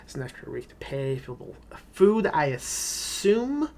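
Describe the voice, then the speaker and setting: A man's voice: a little high, sing-song, unhurried, a little mellow. A man being interviewed as a screenwriter guest on a podcast, talking casually in long rambling answers full of filler words and offhand swearing.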